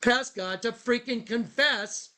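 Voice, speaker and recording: Worked up guy ranting on a stream, kinda high pitched, bright edgy tone, faint music behind. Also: slow. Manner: agitated, accusatory, repeats himself. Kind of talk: heated livestream rant.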